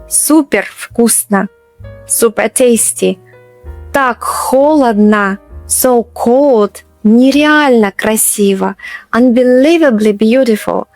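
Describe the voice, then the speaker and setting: A woman teacher giving a video language lesson, explaining clearly and patiently and slowing down for example phrases. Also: a little high, no echo.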